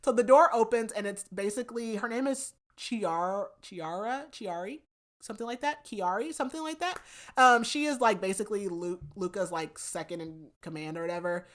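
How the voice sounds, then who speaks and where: A woman's voice: mid-range voice, moderate pace. Chatty young woman recapping a book. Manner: animated storytelling, frequent "like", laughs. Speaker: podcast host.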